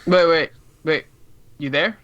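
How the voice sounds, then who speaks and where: A man's voice: on the high side, steady tone, takes it slowly, fairly bright tone. A man co-hosting a casual game live stream, easygoing as he moves the show along. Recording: dull lo-fi with faint hiss.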